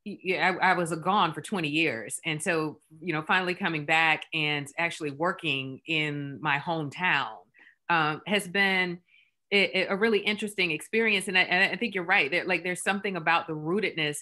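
A woman hosting an interview, speaking haltingly with frequent restarts. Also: on the low side, pushed and bright. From South Carolina. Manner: halting, many fillers and restarts. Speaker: host. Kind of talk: conversational interview.

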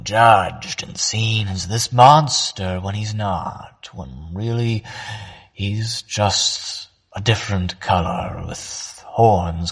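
A man teaching voice acting, walking listeners through how a character might sound in a calm, reflective way. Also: sits low, creaky, slightly rough. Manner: explains voice traits in a calm, reflective way. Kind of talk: instructional talk.

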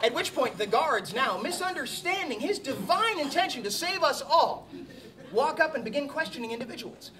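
A man's voice: extremely high pitch, big pitch swings, moderate pace. A man, a bard at a medieval reenactment feast, telling a comic tale in a mock-heroic, laughing manner to a live audience. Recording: distant mic amid loud crowd. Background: audience laughter and chatter.

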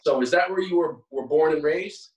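Easygoing host in a roomy space. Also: male voice, on the high side, moderate pace, a little mellow. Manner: easygoing, chuckling, hesitant restarts. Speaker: podcast co-host. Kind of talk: casual chat. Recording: roomy audio from far off the mic.

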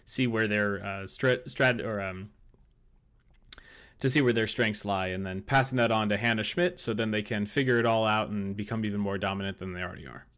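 A man's voice: fairly low pitch, a little fast, fairly bright tone. A man co-hosting a podcast in casual chat, opinionated, often restarting his sentences. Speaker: podcast co-host.

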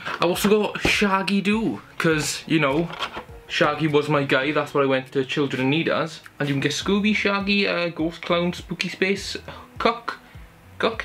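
A man's voice: a little high, bright, forceful tone, slight background noise. A young man, chatty and enthusiastic, showing off his Christmas gifts at home in a casual haul video. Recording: background music under the voice. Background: music playing.

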